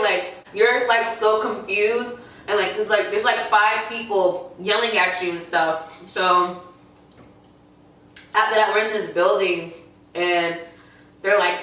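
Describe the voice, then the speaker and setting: A woman's voice: mid-range voice, normal speed, bright, forceful tone, far from the mic. Chatty young woman in an echoey room. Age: young adult. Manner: bubbly, chatty, lots of "like". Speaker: YouTube host. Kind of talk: casual chat over food. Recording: echoey room, off-mic, faint background noise.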